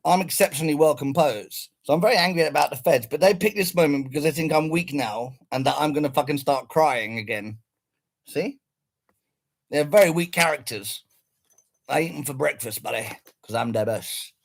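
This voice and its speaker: A man's voice: a little high, moderate pace, creaky. A man delivering an angry, swearing, repetitive rant to his viewers. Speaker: streamer addressing viewers. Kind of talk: heated rant to camera.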